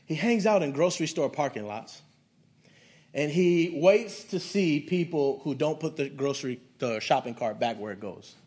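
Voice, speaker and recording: High-voiced man preaching a sermon. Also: expressive, moderate pace, darkish tone. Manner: conversational preaching with storytelling asides. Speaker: pastor.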